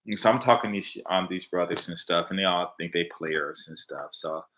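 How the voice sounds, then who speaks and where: A man from Los Angeles with an American accent, telling stories in a casual, animated way and acting out the voices of people he quotes. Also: low-pitched, brisk, a little hiss or hum. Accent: American English. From Los Angeles, USA. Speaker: vlogger answering viewer questions. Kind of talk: casual storytelling.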